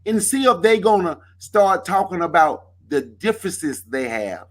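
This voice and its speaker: A man's voice: sing-song, measured pace, a bit bright. A man from Mississippi, arguing emphatically in a heated radio debate. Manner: emphatic, argumentative, drops into low intent tones.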